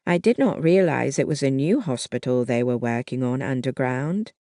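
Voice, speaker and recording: A narrator voicing a calm, determined wartime nurse who talks to her patients in a gently persuasive, slightly raised voice. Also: mid-range voice, moderate pace, no echo, studio quality, natural voice. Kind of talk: audiobook narration.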